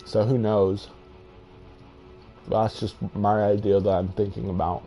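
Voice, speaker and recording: A man's voice: fairly low pitch, flat delivery, measured pace, warm tone, faint music behind. A man giving musing, hesitant commentary over his own space exploration gameplay, trailing off and restarting his thoughts. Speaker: game video host.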